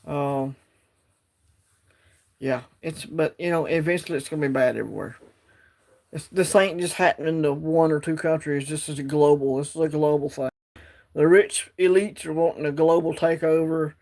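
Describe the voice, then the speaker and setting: A man talks into his phone on a casual livestream, drawling and wandering from point to point as he answers the chat. His voice sits a bit higher than most men's. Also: steady tone, normal speed, darkish tone. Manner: rambling, drawling, reads chat aloud. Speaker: livestream host.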